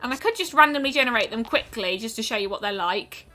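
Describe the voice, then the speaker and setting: A woman talking her way through a game stream with a bright, slightly high voice. She muses aloud, often pausing on an "um" before finishing a thought, while soft game music plays behind her. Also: expressive. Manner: chatty and musing, trailing off with frequent ums. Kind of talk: casual gameplay commentary.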